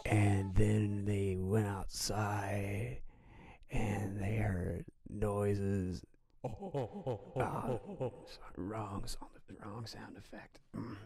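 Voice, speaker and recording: A man's voice: on the low side, level tone, very slow, vocal fry, mellow, husky. A man telling a homemade scary story in a casual, rambling way, half-whispering and often stopping on fillers.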